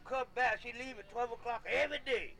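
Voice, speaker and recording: A man voicing a gruff old father who gives drawled commands in a folk tale. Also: very high-pitched, steady tone, a little fast, sharp tone, exaggerated voice. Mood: bossy.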